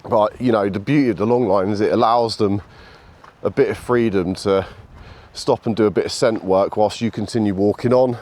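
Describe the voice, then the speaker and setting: A man talking casually while he walks his dog outdoors, calling out to it in a high sing-song voice between remarks on training, recorded on a camera he carries. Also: steady tone, normal speed, darkish tone. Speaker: dog owner and trainer filming a walk. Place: outdoors on a countryside walk. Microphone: camera carried while walking.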